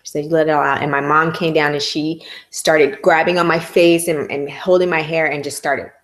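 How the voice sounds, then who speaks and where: A woman's voice: low voice, level tone, moderate pace. A woman vlogger telling a personal story in casual, candid, emotional slang.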